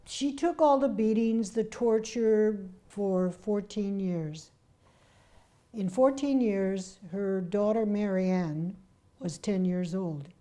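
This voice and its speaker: An older woman telling her family's story in a personal, animated way. Her voice is mellow and warm at a middle pitch. She acts out the people she quotes as she goes. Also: takes it slowly. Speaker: memoir author.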